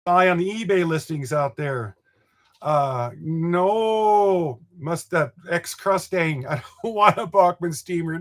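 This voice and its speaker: The voice belongs to an older Montana man, pitched high and a bit bright, who hosts a live model train broadcast. He chats loosely in a homespun style and chuckles at the comments his viewers leave.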